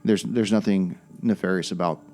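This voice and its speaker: A man acting as game master, slowly narrating a tabletop game and joking with his players. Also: sits low, fairly even intonation, mellow, soft background music. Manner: slow, deliberate descriptions with swearing banter.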